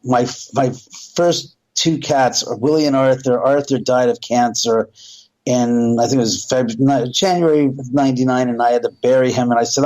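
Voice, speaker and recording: This guest, a middle-aged Southern Californian man, rambles through lengthy stories during a radio interview, acting out quoted dialogue as he goes. His mid-range voice is a little mellow and moves at normal speed, on a low-quality recording.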